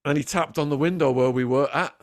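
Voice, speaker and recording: A man's voice: a little high, a little fast. English man telling a wild story. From England. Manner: lively, acts out quoted voices, swears freely. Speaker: guest storyteller. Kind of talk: animated true-crime storytelling.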